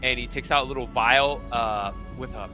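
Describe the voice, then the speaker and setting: A man running a tabletop game as game master, narrating in a rambling, lively way and often restarting his phrases. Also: mid-range voice, normal speed. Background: music.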